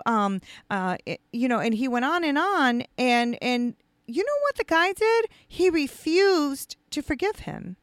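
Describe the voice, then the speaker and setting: A woman's voice: high voice, sing-song, unhurried, no room sound, studio quality. A woman giving a casual devotional teaching, talking conversationally with lots of fillers and restarts. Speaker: speaker retelling a parable.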